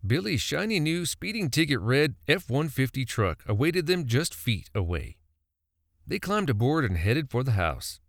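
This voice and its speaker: A man telling a folksy story with a very lively, swooping voice. His tone has a gravelly edge, and the recording is dry and close. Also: medium pitch, moderate pace, no room sound. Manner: folksy, animated. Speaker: narrator. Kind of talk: storytelling narration.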